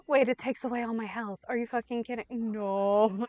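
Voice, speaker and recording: A young woman streaming a video game, talking to it as she plays, pleading, yelling and swearing freely. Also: fairly high pitch, normal speed, few pauses, no echo. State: under the weather. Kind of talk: casual gameplay commentary. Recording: dry close mic with faint game music.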